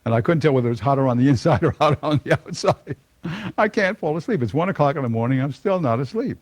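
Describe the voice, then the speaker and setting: A man's voice: medium pitch, lively intonation, fast, dry recording. An older man telling a personal conversion story to an audience, folksy and chuckling often. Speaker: speaker giving a personal testimony.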